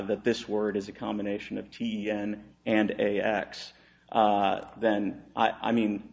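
Gravelly low-voiced man arguing in court. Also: darkish tone, lo-fi sound. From Texas. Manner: hesitant, many fillers and restarts. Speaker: attorney arguing an appeal. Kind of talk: courtroom oral argument.

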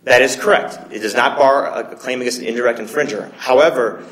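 A man arguing as an attorney in a court, measured and halting, often repeating words as he makes his case. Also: medium pitch, fairly bright tone. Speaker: appellate attorney. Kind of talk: courtroom oral argument. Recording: roomy courtroom echo.

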